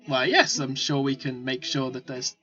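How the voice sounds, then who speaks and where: A man's voice: medium pitch, fairly even intonation, moderate pace, bright, forceful tone, natural voice. A man voicing a friendly, helpful male innkeeper who rambles through directions. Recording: dull lo-fi recording with faint music.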